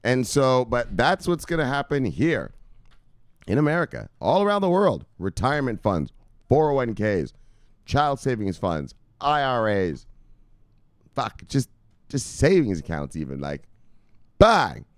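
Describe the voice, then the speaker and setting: A man hosting a daily crypto news show, talking in an excitable, profane way, often saying "look, look" and laughing. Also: mid-range voice, measured pace, long pauses, no room sound, clean studio sound. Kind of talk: casual profane commentary.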